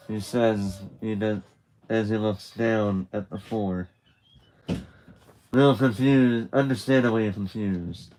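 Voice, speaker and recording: A man's voice: on the low side, fairly even intonation, takes it slowly, darkish tone, poor audio. A man narrating a graphic novel aloud on a live stream, casual and chatty, with restarts and asides. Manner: loose and chatty, with restarts and laughter.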